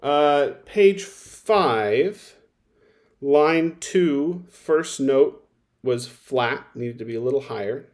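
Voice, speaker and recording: Speaking very slowly in a mid-range voice, a man offers methodical, directive feedback on a violin performance in a recorded lesson, occasionally singing passages to show how they should go.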